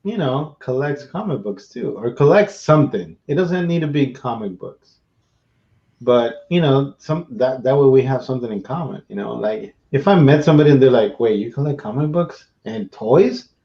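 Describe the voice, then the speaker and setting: A man with a gravelly voice talking casually among friends, swearing now and then. He sounds roomy and a little dull, as if caught from across the room. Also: medium pitch, animated, moderate pace. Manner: agreeing often, casual swearing. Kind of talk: casual chat.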